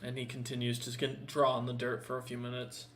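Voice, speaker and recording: A man narrating a tabletop game as dungeon master, pausing often and filling gaps with fillers. His voice has a bright, sharp edge. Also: medium pitch, monotone. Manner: halting, full of fillers.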